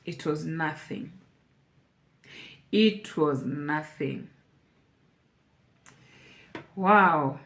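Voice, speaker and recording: A woman's voice: mid-range voice, fairly bright tone. A woman speaking to camera in an emotional personal vlog, earnest and repeating phrases for emphasis. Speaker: vlogger.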